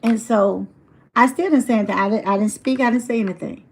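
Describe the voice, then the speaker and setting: A woman's voice: fairly high pitch, fast, gravelly, husky. A woman telling a personal story in a motivational talk, acting out her family's words and speaking to people in the audience. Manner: animated storyteller acting out family quotes, addresses audience members.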